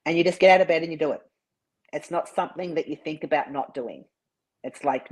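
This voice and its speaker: A woman's voice: deep voice, fairly quick, darkish tone, slightly rough, rough recording. A woman bodybuilder, a guest in an interview, telling her story earnestly and restarting her sentences often. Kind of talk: casual interview chat.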